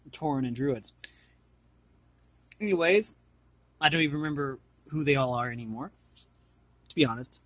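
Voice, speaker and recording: American guy, casual rambling vlog talk, slightly high voice, dry close mic. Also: bright, forceful tone, no echo, low-quality recording. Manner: rambling, lots of fillers and restarts. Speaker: vlogger.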